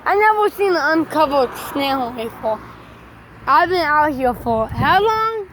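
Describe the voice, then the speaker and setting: Young woman vlogger, high voice, slow talker, excitable, shouts at passing trucks. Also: noisy background. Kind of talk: excited roadside commentary. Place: roadside outdoors by traffic.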